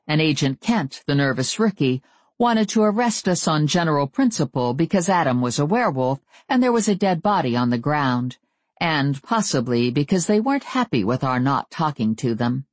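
A woman reading a first-person novel aloud, with measured, wry storytelling. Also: low voice, dry recording. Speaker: audiobook narrator.

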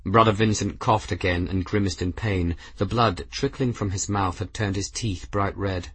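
Audiobook: low, husky male narrator, dry close sound, steady dramatic read. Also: normal speed, few pauses, dry recording. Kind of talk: scripted narration.

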